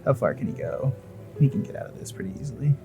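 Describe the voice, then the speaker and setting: A man's voice: mid-range voice, sing-song, quick pace, vocal fry, over music. A man running a tabletop game as dungeon master, talking loosely with fillers and swearing.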